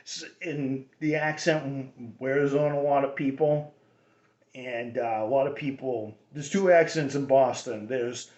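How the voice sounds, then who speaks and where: A man's voice: medium pitch, fairly even intonation, a little slow, a little mellow. Rambling man hosting a homemade radio show. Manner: rambling, many restarts and fillers. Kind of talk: casual rambling monologue. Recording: roomy dull lo-fi recording.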